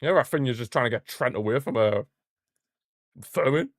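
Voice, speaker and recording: A man's voice: mid-range voice, moderate pace, no echo. Male streamer, casual partisan football commentary, blunt trash talk, dry close mic. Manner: partisan, blunt, mocking the rival team. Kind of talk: casual live fan commentary.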